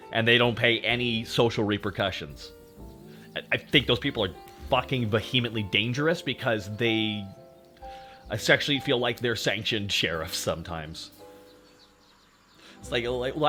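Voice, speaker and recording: A man's voice: medium pitch, pushed and bright. A young Canadian man with a Canadian accent, streaming a game and chatting to his viewers in a casual, profane, ranting way. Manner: profane, ranting, talks to chat. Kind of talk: casual gaming stream chat.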